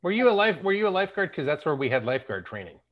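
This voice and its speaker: A man's voice: fairly high pitch, very animated, very fast. A man in his fifties hosting a podcast, chatting in a laid-back, slangy way and often restarting his sentences. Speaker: podcast host. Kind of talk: casual chat. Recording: dull lo-fi sound.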